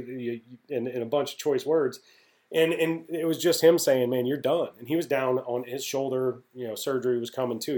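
A man, a former pro baseball pitcher, telling his story in a casual, candid interview with many restarts. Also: warm tone. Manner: rambling, candid, with frequent restarts.

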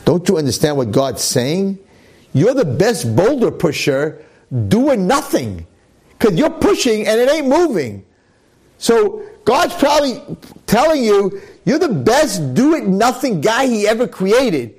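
A man's voice: sits high, sing-song, measured pace, a little mellow, husky, voice pushed up, heavily acted. A man voicing Satan as a sneering tempter who taunts and mocks.

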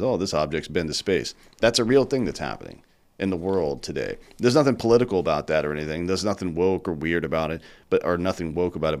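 A man with a deep voice hosting a podcast. He rambles through his thoughts in a loose, casual way and swears often. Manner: profane, rambling riffing. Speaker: podcast host.

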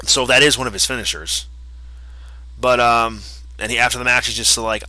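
A man's voice: mid-range voice, fairly even intonation, moderate pace, pauses often, pushed and bright, no echo, rough recording. A man chatting casually on a podcast, rambling through eager recaps with fillers. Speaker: podcast co-host.

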